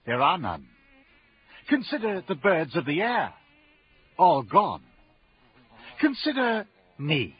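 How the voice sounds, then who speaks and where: A man's voice: sits high, big pitch swings, slow pace, pauses often, slightly rough, no echo, exaggerated voice. An actor playing a spiteful, scornful male demon in a radio drama, sneering and theatrical. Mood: preaching. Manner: sneering, theatrical, swinging from growls to shrieks. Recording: dull lo-fi radio broadcast.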